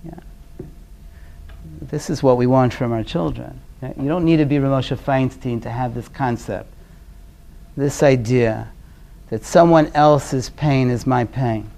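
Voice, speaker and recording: A man from Brooklyn, New York, giving a conversational class on parenting. He is earnest and often drops to a quiet, low voice as he tells stories. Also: a little slow, creaky. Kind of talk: conversational lecture with storytelling.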